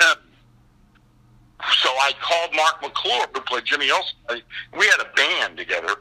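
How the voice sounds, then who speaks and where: Husky, bright-voiced older man. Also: medium pitch, normal speed, poor audio. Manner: profane, animated storyteller. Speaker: guest actor. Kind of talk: casual chat on a call.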